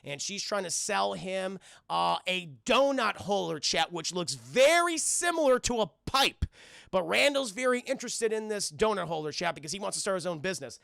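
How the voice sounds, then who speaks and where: Gravelly bright-voiced excitable male reviewer. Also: high-pitched, a little fast, no echo, clean studio sound. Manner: excitable, profane, addresses chat. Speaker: cartoon reviewer. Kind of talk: casual livestream recap to chat.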